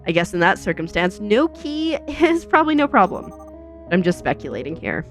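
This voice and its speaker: A woman voicing an anxious young woman investigator as she reads game dialogue aloud, talking in worried, quick self-questions. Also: mid-range voice, very animated, soft background music, natural voice. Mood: explaining.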